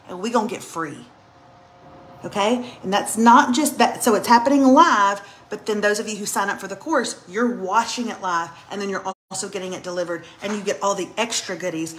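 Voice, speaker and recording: Getting ready for bed at home, a woman hosts a phone livestream and chats casually with her viewers, joking and answering commenters directly. She has a mid-range, slightly bright voice, and there's a faint hiss or hum in the audio.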